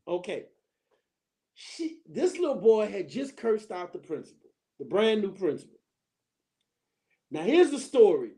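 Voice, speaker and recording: A middle-aged woman tells a story in casual chat, animated and quick to laugh. Her pitch is mid-range but swings widely as she performs the moments. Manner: animated, acts out voices, laughs while telling. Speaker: guest, former school counselor.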